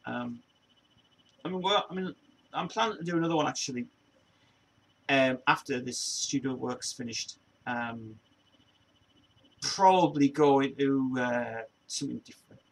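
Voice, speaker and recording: A man's voice: mid-range voice, unhurried, pauses often. A man hosting a casual chat show, rambling with many restarts and laughing often. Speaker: show host.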